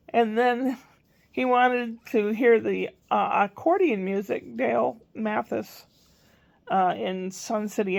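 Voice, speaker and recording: A woman's voice: mid-range voice, vocal fry, darkish tone. An older woman telling a rambling everyday story about her grandson in a casual vlog. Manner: chatty, rambling, quotes a small child in a raised voice. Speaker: grandmother vlogger.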